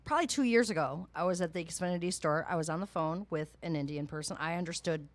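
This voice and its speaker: A woman hosting a radio show in a studio, telling stories in a profane, ranting, animated way in casual chat. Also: on the low side, fast talker.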